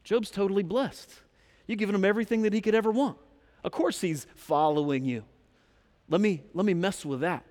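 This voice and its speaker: A man's voice: sits high, brisk, darkish tone, close to an everyday voice. A man, as a pastor, casually voicing a smug, scheming male devil in a sermon retelling.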